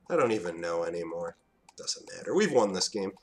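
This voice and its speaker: A man casually commentating his own online match, excitable, swinging between low muttering and sudden shouts. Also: fairly quick.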